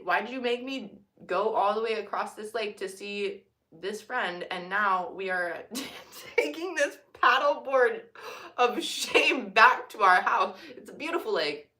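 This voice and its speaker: A young woman vlogger telling a casual storytime, swinging from loud excited bursts to quiet mutters. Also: medium pitch.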